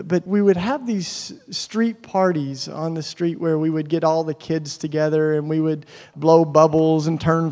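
A man giving a personal storytelling talk at a faith gathering, animated and acting out the voices in his stories. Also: on the high side, vocal fry. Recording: long hall reverb.

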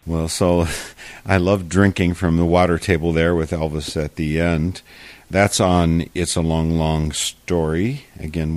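A man hosting a radio show, relaxed as he reads out track details and asks the guest questions. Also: sits low, no echo. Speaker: radio host. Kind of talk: casual radio interview.

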